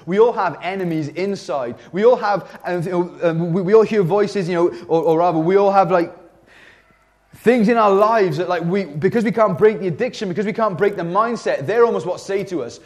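A man with a high voice delivers a sermon. He reads scripture and then talks it through conversationally, with emphasis and plenty of fillers and restarts. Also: darkish tone. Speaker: preacher.

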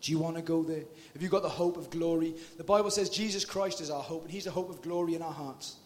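Man, high voice, fervent preacher, talks to the crowd like mates. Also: fast talker. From Britain. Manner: impassioned, addressing the crowd directly in a casual slangy way. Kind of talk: sermon.

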